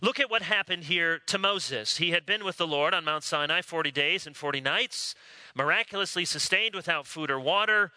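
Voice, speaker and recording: An American pastor delivers a sermon in a very bright, ringing voice pitched a little high for a man. He tells his stories loosely and conversationally, using dramatic pauses to drive each point home.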